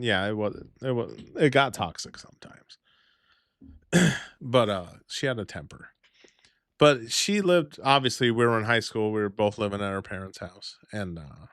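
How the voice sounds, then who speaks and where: Brief: man in his 30s, streamer, crude and lively storyteller, dry close sound. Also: medium pitch, no echo. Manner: profane, animated storytelling with sudden loud bursts. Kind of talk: casual storytelling to chat.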